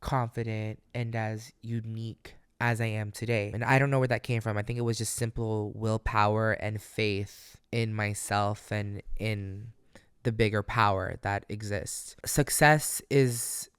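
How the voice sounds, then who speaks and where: A man talking through a casual solo podcast, candid and emphatic, swearing freely and speaking straight to his listeners with motivational encouragement. His voice is smooth and clear, recorded close and dry. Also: lowish voice, steady tone, measured pace, a bit bright, dry recording. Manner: motivational, addresses listeners directly. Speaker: podcast host.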